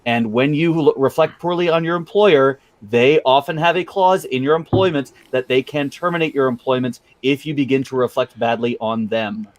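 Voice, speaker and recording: Male podcast panelist, mid voice, measured and explanatory, dry recording. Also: mid-range voice, no echo. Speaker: podcast co-host. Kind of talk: casual panel discussion.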